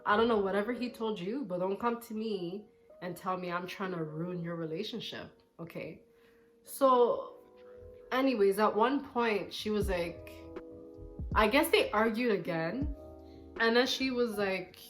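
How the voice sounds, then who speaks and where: A young woman chats straight to her viewers, candid and a little sassy as she tells her story. Soft music plays faintly underneath her voice. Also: mid-range voice, a little slow. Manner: chatty and candid, with a petty, sassy streak. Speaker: vlogger. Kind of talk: casual storytime chat.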